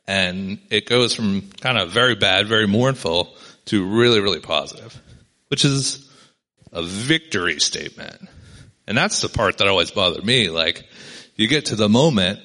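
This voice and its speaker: A man's voice: on the low side, sharp tone. A man giving a casual, conversational sermon to a gathered group, often checking in with "right?" as he reads and explains a passage. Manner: conversational, keeps asking "right?". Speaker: pastor.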